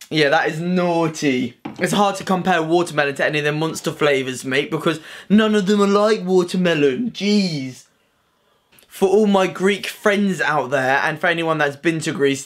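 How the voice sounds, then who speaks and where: A young British man with an English accent vlogging casually to camera, slangy and sweary, tagging "mate" onto his sentences. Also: on the high side. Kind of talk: casual vlog talk to camera. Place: at home, then by car and outdoors.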